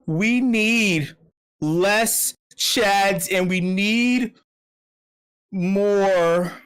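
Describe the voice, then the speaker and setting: A man's voice: high voice, extremely slow, fairly bright tone, smooth. Profane, rambling man hosting a meetup. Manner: rambling, profane comic rants with many restarts. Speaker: meetup host. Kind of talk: casual livestream chat.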